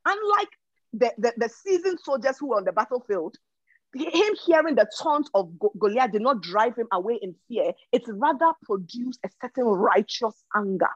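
A woman's voice: on the high side, breathy edge, dry recording, lo-fi sound. A woman teaching from the Bible in a sermon style. She reads verses aloud, then explains them with emphasis and often repeats words as she thinks.

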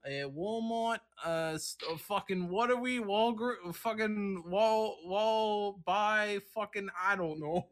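A man improvising a crude pharmacy-owner pitchman in a commercial, his drifting between Boston and Australian as he rambles and stumbles. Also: takes it slowly, few pauses, a bit bright. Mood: fumbling. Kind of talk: improvised comedy bit.

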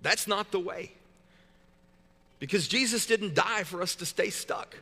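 High, bright-voiced pastor preaching in a hall. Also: male voice, a little slow, vocal fry. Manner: conversational and joking, with many repeated restarts. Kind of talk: sermon.

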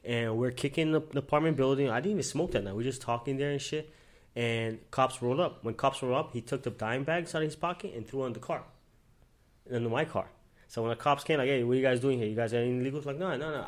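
A man's voice: medium pitch, racing. A young man from Miami hosting a casual podcast, telling profane street stories and acting out the lines of people in them. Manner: profane street storytelling, acts out quotes. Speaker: podcast host.

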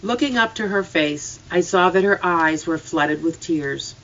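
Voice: medium pitch, measured pace, hardly any pauses, fairly bright tone. An audiobook reader narrating a first-person story in an earnest, emotive way. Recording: slightly distant, dull lo-fi.

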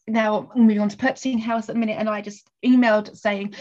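A woman's voice: fairly high pitch, level tone, fast, hardly any pauses, a little mellow, highs cut off. A woman explaining astrology in a casual podcast chat, full of fillers and restarts.

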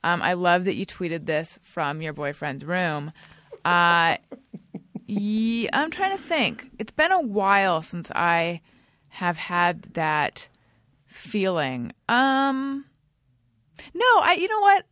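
A woman hosting a podcast, asking a guest questions in a casual, animated chat. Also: lowish voice, takes it slowly, no room sound, clean studio sound. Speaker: podcast host.

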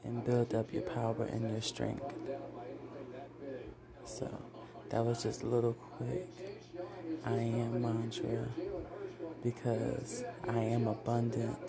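Brief: male vlogger reading motivational affirmations, unhurried and flat, with loud crowd noise underneath. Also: medium pitch, creaky. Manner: slow, deliberate, repetitive declarations. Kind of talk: reciting affirmations, motivational talk.

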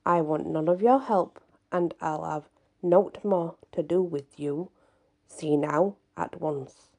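A woman's voice: sits low, slow, vocal fry, a little mellow, heavily acted. A woman voicing an angry young farm lad in a storybook reading, scolding in an indignant way.

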